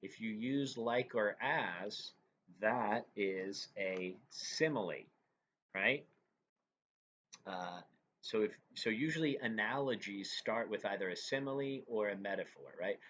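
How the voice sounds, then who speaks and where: A man's voice: lowish voice, slow, a bit bright. A man teaching a lecture, explaining terms step by step and often checking in with "right?". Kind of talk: recorded classroom lecture. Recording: dull lo-fi recording with faint noise.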